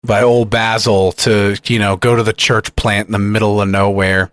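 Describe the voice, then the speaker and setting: A man's voice: fairly low pitch, moderate pace, clear, resonant tone, no room sound. A man hosting a church history podcast, chatting playfully and reading scripture aloud. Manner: animated, playful, reads scripture with emphasis. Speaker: podcast host. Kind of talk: casual chat and scripture reading.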